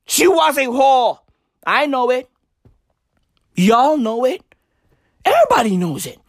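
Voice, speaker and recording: A man voicing an older male pastor at a funeral, speaking bluntly in a booming preacher's delivery. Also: big pitch swings, a little slow, no echo, clean studio sound, full character voice. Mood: blunt preaching.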